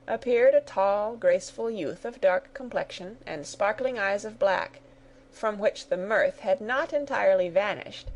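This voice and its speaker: A woman narrating a graded reader story in a steady, clear storytelling manner. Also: mid-range voice, low-quality recording.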